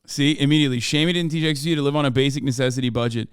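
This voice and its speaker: A man's voice: mid-range voice, very fast, clean tone, no echo, studio quality. A man in his thirties reacting to a video on his live stream, rambling casually with many restarts and casual swearing.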